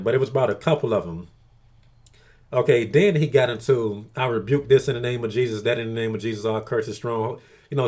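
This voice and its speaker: Male vlogger, casual crude monologue, swears freely, rambles with many "okay"s, average pitch. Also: a little mellow, slightly rough. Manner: crude, profane, repeats "okay" often. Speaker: video blogger.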